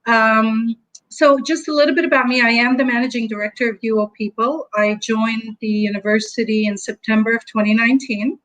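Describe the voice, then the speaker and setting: A woman speaking as a managing director answering interview questions in a measured, businesslike way over a video call. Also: fairly high pitch, fairly even intonation, fairly bright tone, low-quality recording.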